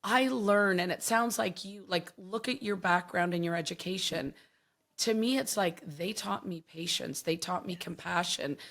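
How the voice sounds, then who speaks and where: A woman's voice: lowish voice, normal speed. Effusive woman podcast host. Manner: warm, effusive, emotional reactions. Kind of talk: conversational interview.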